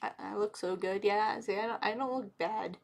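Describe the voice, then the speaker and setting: A woman's voice: mid-range voice, moderate pace, vocal fry. A woman in her thirties doing a live tarot reading, chatty and emotional, talking to the cards and to spirits. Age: 30s. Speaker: tarot reader. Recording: noisy home stream with card shuffling.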